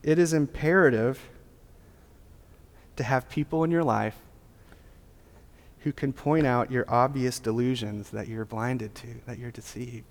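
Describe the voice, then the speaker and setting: A man's voice: mid-range voice, a little slow, long pauses. A man preaching a sermon as a pastor, with a casual, joking, conversational delivery. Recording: long hall reverb.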